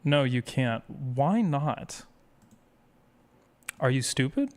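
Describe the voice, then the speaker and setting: A man's voice: mid-range voice, sing-song, very slow. A man speedrun streamer chatting casually with his viewers, rambling and self-deprecating as he reads chat aloud.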